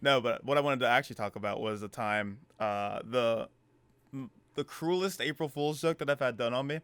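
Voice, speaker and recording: A man's voice: medium pitch, normal speed, clear, resonant tone, dry recording. A young man co-hosting a podcast, telling a story in casual chat and acting out the quotes. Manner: animated storytelling, acts out quotes. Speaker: podcast co-host.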